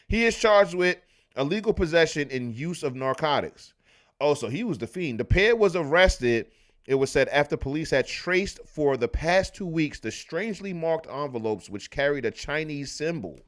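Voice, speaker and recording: A man's voice: on the high side, expressive, moderate pace, fairly bright tone. A man hosting a casual livestream, reading old newspaper clippings aloud and retelling stories in loose, profane slang. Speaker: livestream host.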